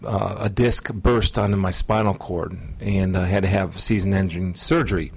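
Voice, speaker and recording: A middle-aged man earnestly recounting a personal testimony in an interview, measured and pausing often. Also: low voice, fairly even intonation, slightly rough. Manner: earnest, measured storytelling with frequent pauses. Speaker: guest sharing testimony.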